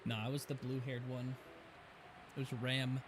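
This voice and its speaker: A man's voice: medium pitch, little pitch movement, normal speed, background noise. A man chatting casually with viewers while he streams a game, rambling from one topic to the next and laughing easily. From United States. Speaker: gaming streamer. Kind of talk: casual live-stream chat while playing. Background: faint game music.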